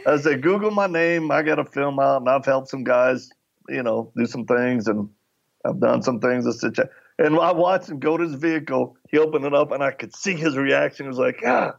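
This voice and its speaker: Middle-aged male guest, gravelly voice, anecdotal storyteller who plays out the dialogue, slightly muffled recording. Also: mid-range voice, brisk. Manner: acts out dialogue while telling anecdotes. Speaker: podcast guest. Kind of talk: conversational storytelling.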